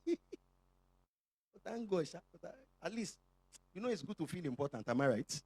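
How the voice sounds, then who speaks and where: A man's voice: fairly high pitch, expressive, normal speed, long pauses, a little mellow, husky, no room sound. A male pastor with a Nigerian accent preaching a sermon to his church, joking and calling for responses from the congregation.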